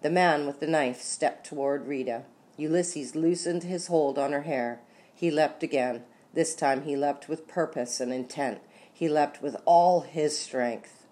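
A woman with a very low voice reads a children's story aloud. Her narration is expressive and lively, stretching words out for dramatic effect. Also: unhurried. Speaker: audiobook narrator. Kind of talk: scripted narration.

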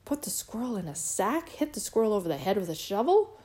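A woman voicing a bewildered middle-aged father who speaks in a squeaky, despairing voice. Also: big pitch swings, brisk, mellow, close to an everyday voice.

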